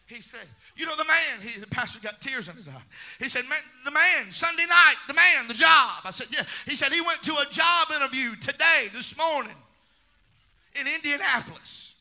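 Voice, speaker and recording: A male preacher in a church sanctuary, carrying his sermon in a very high, piercingly bright voice. A gravelly edge runs underneath it as he acts out stories and climbs toward shouted, sing-song peaks. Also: animated, normal speed. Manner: storytelling with quoted dialogue.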